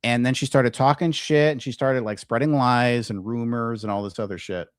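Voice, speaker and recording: A man's voice: mid-range voice, steady tone, normal speed, clear, resonant tone, dry recording, clean studio sound. Profane, combative male livestream host. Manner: profane, combative ranting at chat. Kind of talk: livestream commentary.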